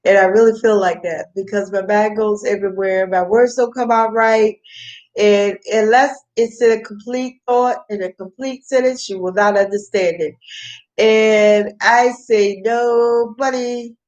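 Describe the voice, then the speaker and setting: A woman's voice: medium pitch, steady tone, normal speed, darkish tone, lo-fi sound. A woman vlogging in a meandering, casual monologue, repeating herself as her thoughts wander. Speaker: mukbang vlogger.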